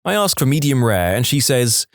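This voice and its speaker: A man reading internet stories aloud in an expressive, playful storytelling manner. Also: mid-range voice, moderate pace, no room sound, studio quality. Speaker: story narrator.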